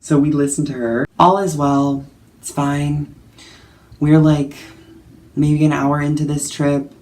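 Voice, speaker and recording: A man's voice: a little high, little pitch movement, takes it slowly, darkish tone. A young man telling a story in a casual vlog, chatty and self-mocking, full of fillers and laughs. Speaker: vlogger.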